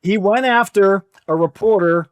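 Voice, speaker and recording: A man hosting a podcast, telling stories in an animated way and giving firm opinions. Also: high-pitched, unhurried, clean tone, dry recording, clean studio sound. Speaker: podcast host. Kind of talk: casual chat.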